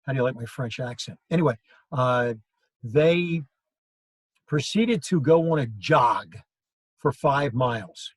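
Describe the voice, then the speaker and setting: A man's voice: medium pitch, lively intonation, a little slow, pauses often, slightly rough, dry recording, rough recording. A male history teacher giving a classroom lecture, telling stories and acting out quoted lines. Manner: storytelling, acts out quoted lines.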